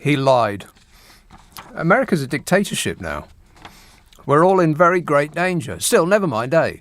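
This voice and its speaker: A man's voice: fairly high pitch, sing-song, normal speed, fairly bright tone. A man hosting a radio phone-in, joking in a dry, mock-serious way. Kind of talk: late-night radio banter. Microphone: studio microphone.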